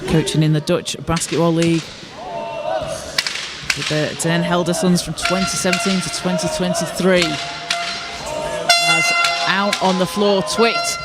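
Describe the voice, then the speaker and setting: A man giving live play-by-play commentary from courtside at a basketball arena, steady and informative, with occasional restarts. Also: high voice, a little slow, long pauses.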